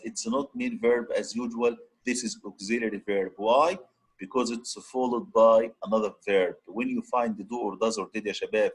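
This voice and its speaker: A man's voice: lowish voice, slightly rough, poor audio. A man teaching an English grammar lesson, switching between Arabic and English and repeatedly prodding his students to answer.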